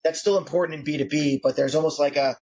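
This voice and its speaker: A man's voice: on the high side, steady tone, quick pace, darkish tone, dull audio. A man in his late forties, a founder being interviewed on a podcast, talking conversationally with many fillers. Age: 40s. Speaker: guest founder.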